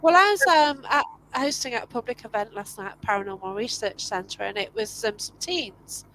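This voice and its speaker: Chatty Scottish woman, slightly high voice. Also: very animated, normal speed, a bit bright, low-quality recording. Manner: chatty, hesitant, lots of fillers. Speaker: paranormal event host. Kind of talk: casual chat. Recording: faint background noise.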